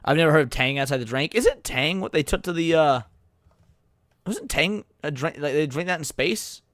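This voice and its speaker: A man's voice: on the high side, animated, moderate pace, fairly bright tone, dry recording, studio quality. A man co-hosting a late-night stream, joking around and reading chat messages aloud with frequent stammered restarts. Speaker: VTuber co-host.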